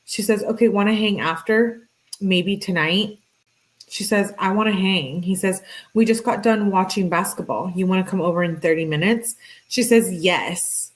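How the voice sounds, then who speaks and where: A woman's voice: normal speed, rough recording. A young adult woman reading text messages aloud with commentary, her voice lifting slightly for the girl's lines. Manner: flat reading voice, pitch lifts for the girl's texts. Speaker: true crime commentator.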